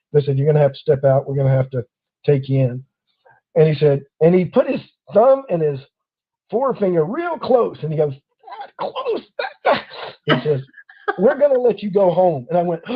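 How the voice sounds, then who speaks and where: Animated man telling a story. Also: fairly high pitch, lo-fi sound. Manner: animated storyteller acting out quoted officers. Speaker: host. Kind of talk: casual storytelling chat.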